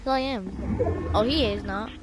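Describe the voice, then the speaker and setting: A young woman streaming a game live, talking to teammates in an excitable, jumpy way and swearing often. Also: a little high, unhurried, background noise. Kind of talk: live gameplay commentary.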